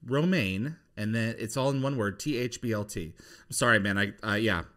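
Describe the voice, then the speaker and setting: A man's voice: fairly low pitch, moderate pace, a bit bright. A man hosting an interview over a video call, reading out fan questions and adding short replies. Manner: reads out fan questions, brief affirmations. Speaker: interview host. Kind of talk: casual interview.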